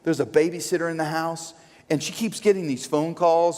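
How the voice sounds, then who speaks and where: A man preaching a sermon as pastor, an animated, joking storyteller who acts out quotes. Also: fairly high pitch, fairly quick. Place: church sanctuary. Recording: long church hall reverb.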